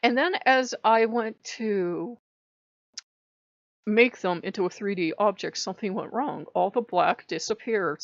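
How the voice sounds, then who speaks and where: A woman's voice: medium pitch, no room sound. Woman rambling through a story for her vlog, lots of ums, kinda muffled dead dry audio. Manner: rambling, emotional storytelling with many fillers. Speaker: channel host. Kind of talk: casual personal vlog. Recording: dull lo-fi dry recording.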